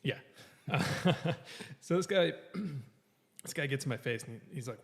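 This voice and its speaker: A man's voice: medium pitch, lively intonation, unhurried, creaky, big-room sound. A man telling a long story on a casual podcast, swearing often, laughing between lines and acting out what others said. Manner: profane, laughing, quotes people animatedly.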